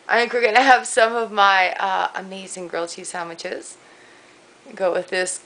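Woman, vlogger, bubbly, giggly, excitable, casual chat. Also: medium pitch, poor audio.

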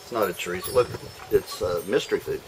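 A man's voice: deep voice, fast, a little hiss or hum, low-quality recording. A man hosting a casual barbecue vlog outdoors, joking with the viewers and talking to the food as he cooks. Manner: folksy, jokey, talks to the food and the viewers. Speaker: backyard barbecue vlogger. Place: outdoors at a backyard smoker.

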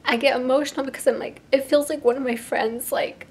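A young woman talking to her subscribers in a vlog, crying and sniffling, halting and restarting with lots of "like". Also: high-pitched, fairly even intonation, darkish tone, a little hiss or hum. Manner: tearful, heavy use of "like", halting restarts. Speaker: YouTuber.

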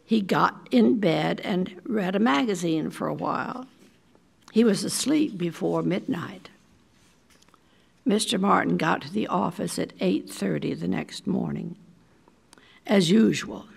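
An older woman reading a short story aloud in a measured, deliberate way. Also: lowish voice, creaky, husky. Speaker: resident reader.

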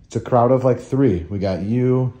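A man's voice: medium pitch, moderate pace, warm tone. Upbeat chatty man vlogging. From Florida. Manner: upbeat, chatty, laughs often. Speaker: vlog host. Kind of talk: casual travel vlog.

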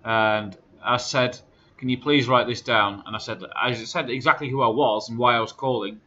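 A man in a casual vlog, aggrieved and indignant as he retells his calls. His voice sounds bright and edgy. The recording is dull and lo-fi, like a home phone camera. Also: medium pitch, fairly even intonation, moderate pace. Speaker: charity runner.

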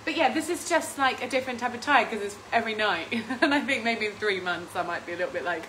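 A high-voiced woman hosts a relaxed cooking stream from her home kitchen. She chats in a rambling way, laughs often and reads out viewer comments as she cooks. A faint ambient noise sits under her voice. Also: fast. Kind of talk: casual live-stream chat while cooking.

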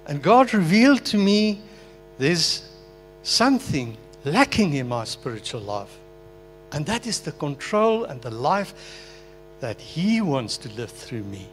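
An older man preaches a personal testimony with earnest, heartfelt emotion. His voice sits somewhat high for a man. Faint music plays softly behind him in a meeting hall. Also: big pitch swings, a little slow. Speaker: pastor.

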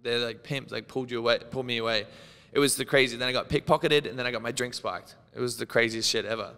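A man's voice: mid-range voice, steady tone, fast, sharp tone, clean tone, big-room sound. A young Australian man in his twenties, a podcast guest telling wild stories in casual chat, rambling and swearing as he acts out what people said. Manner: rambling storyteller, swearing and laughing, acting out quotes.

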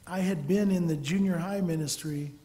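A man preaching a sermon as a church elder, telling stories and acting out the people in them. His voice is mellow and sits a little high, and he sometimes sinks to a near whisper. The sound carries the long reverb of a big hall. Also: moderate pace. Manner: storytelling preacher, acts out dialogue, drops to near whispers. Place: church sanctuary.

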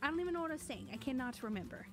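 A woman's voice: high voice, animated, very fast, music in the background. A young woman streaming a game, chatting casually and greeting viewers by name. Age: young adult. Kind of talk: casual live-stream chat while gaming.

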